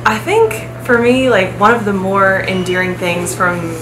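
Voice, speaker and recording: A woman's voice: mid-range voice, a little slow, noisy background. A woman sharing memories in a casual interview. She laughs lightly and speeds up in bursts. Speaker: interviewee, daughter. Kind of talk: casual reminiscing. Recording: roomy room with loud music behind.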